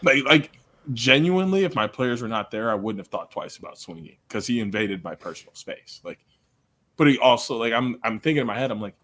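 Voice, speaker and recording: A man's voice: mid-range voice, fairly quick. A man co-hosting a podcast who tells a story in casual chat, acting out what people said and laughing often. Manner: animated, laughing, acts out quotes. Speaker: podcast co-host and coach.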